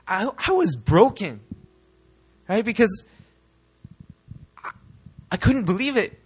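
Bright-voiced young man preaching. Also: high voice, takes it slowly, long pauses, slightly rough. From United States. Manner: animated, rhetorical questions to the congregation. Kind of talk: sermon.

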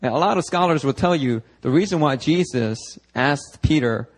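A man preaching a sermon at a church service, lively and conversational, acting out the voices of biblical figures as he goes. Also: on the high side, normal speed, low-quality recording. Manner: animated, acts out voices of biblical figures, talks to the congregation. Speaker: pastor.

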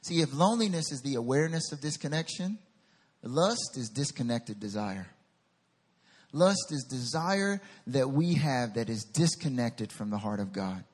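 A man preaching a sermon as a pastor, animated and acting out scripture voices. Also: medium pitch, normal speed, breathy edge, big-room sound.

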